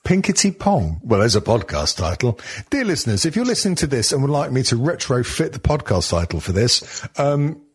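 A man born in Wales hosting a podcast, chatting casually with sweary jokes and quick restarts. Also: medium pitch, sing-song, slightly rough. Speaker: podcast host. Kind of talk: casual banter.

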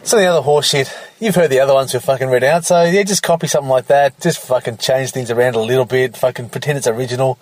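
A man's voice: medium pitch, fast talker, few pauses, no room sound. A man hosting a solo podcast from his parked car, rambling and swearing constantly as he mocks his co-host. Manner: profane, rambling, mocking. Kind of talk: casual solo podcast monologue. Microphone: self-recorded in the car.

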